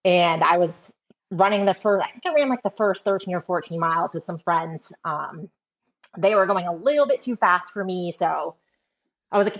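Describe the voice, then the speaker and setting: A woman's voice: lowish voice, moderate pace. A woman telling a running story in casual chat, full of fillers. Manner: chatty storytelling with many fillers. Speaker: guest runner. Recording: dull lo-fi sound.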